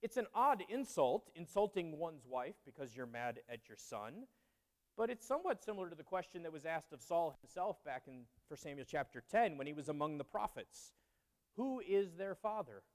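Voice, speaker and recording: A man's voice: fairly high pitch, big pitch swings, brisk. A man teaching through a Bible passage in a conversational way, with candid asides and frequent fillers. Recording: long reverb.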